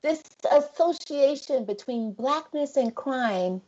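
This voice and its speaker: A woman's voice: high-pitched, expressive, slow pace, darkish tone, muffled recording. A middle-aged woman researcher in a conversational interview, speaking thoughtfully with many fillers and restarts.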